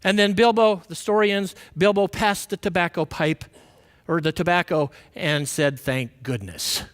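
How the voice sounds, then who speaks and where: A man giving a conversational Sunday sermon, asking the congregation questions and acting out quoted voices with big swings in pitch. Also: steady tone, moderate pace, a bit bright, clear, resonant tone. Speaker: minister giving a Sunday talk. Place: church sanctuary. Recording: long reverb of a worship hall.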